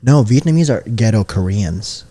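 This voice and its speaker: A man's voice: lowish voice, lively intonation, moderate pace, warm tone, slightly rough. A man co-hosting a casual podcast, teasing and needling his co-host and laughing at his own jokes. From Filipino family background. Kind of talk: casual banter.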